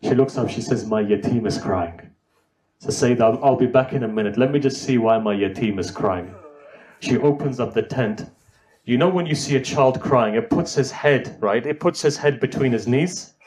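A man's voice: medium pitch, normal speed, a little mellow. A middle-aged man preaching an emotional sermon, telling a mournful story and pleading with his listeners as his voice rises. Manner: rising, grief-laden storytelling, pleading with the audience. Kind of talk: emotional majlis sermon recitation.

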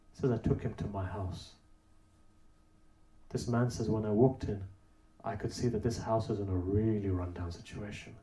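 A man's voice: on the low side, fairly even intonation, normal speed, mellow. A man preaching a sermon, telling a story with rhetorical questions and building to emphatic peaks. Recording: roomy echo.

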